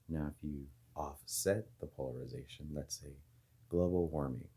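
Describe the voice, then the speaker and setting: Very deep, husky man rambling to camera. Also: warm tone. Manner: rambling, speculative, many fillers and restarts. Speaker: video host. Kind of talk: casual monologue to camera.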